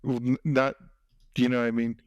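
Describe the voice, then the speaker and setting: A man's voice: mid-range voice, flat delivery, normal speed, dry recording, studio quality. A man hosting a podcast, chatting casually and rambling with lots of fillers. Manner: rambling, lots of fillers and "you know what I mean". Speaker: podcast host. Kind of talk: casual chat.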